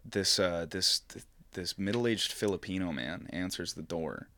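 A podcast co-host, a young man whose voice is very low and deep, tells a meandering story at a measured pace with a bright, forceful tone. The show is casual; he curses freely, leans on "like" to chain thoughts, and drifts off mid-sentence before resuming.

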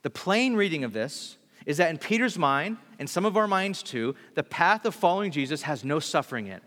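A man preaching a sermon in a casual, animated way, full of slang and fillers. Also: fairly high pitch, a little fast. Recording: long hall reverb.

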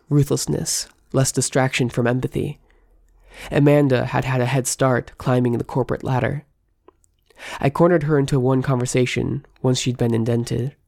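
A woman narrates a first-person story with a tense, measured delivery. Her voice is gravelly with a mellow, dark tone, and the recording is dry and close. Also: extremely low pitch, no echo. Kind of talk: first-person fiction reading.

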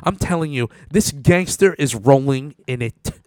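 A man's voice: mid-range voice, expressive, unhurried, a little mellow, no echo. Brash, roasting man, dry sound. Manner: brash, roasting, swears a lot. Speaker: guest guessing exes. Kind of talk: casual profane banter.

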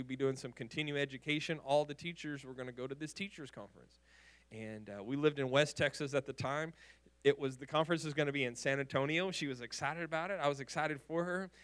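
Bright, clear-voiced male pastor preaching. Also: medium pitch. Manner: animated storytelling with frequent restarts and repeated words. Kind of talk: sermon.

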